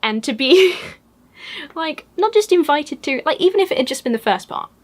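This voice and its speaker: English woman vlogging, excitable and gushy, lots of like and um, chatty. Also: sits high, moderate pace. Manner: gushing and excitable, with many fillers. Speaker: YouTuber. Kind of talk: casual chat.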